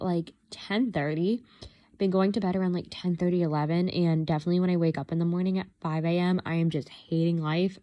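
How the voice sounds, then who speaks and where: A young woman talking casually through her journal pages, rambling and self-deprecating, with many filler words, and acting out her own thoughts in a higher voice. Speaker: vlogger.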